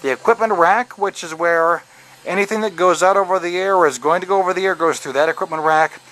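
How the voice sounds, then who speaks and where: A man's voice: sits high, fast, fairly bright tone. A man who works as a radio DJ, giving a casual, jokey walking tour of a station's offices and studios, with lots of fillers and restarts, recorded on a handheld camera indoors.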